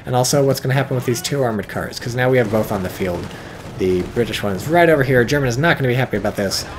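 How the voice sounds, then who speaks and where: A man giving casual, profane, excitable commentary on a strategy game match, with wry asides. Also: mid-range voice, quick pace, slight background noise. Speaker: game caster.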